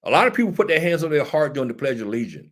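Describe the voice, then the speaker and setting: Rapid-fire and fairly high, his bright voice swings widely in pitch as he hosts casual political commentary. The talk show host speaks directly to a live audience, takes viewer questions, and pounds his points repeatedly like a sermon.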